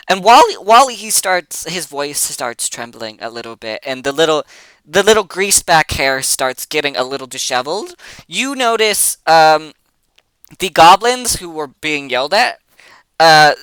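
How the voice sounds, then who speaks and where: A game master narrating a tabletop game in a loose, halting, conversational way, often restarting a phrase. The voice is bright and crisp, with a lively swing, recorded close and dry. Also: medium pitch, no room sound, rough recording. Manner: hesitant, many fillers and restarts, casual swearing.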